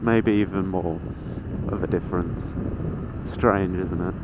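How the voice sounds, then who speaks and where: This nineteen-year-old motovlogger keeps up a casual, sweary commentary to the camera as he rides through town traffic, mocking himself and yelping with sudden excitement. He speaks a little slowly in a fairly low voice. Recorded outdoors on a helmet-mounted action camera, the sound is dull and lo-fi, with loud wind, traffic and engine noise.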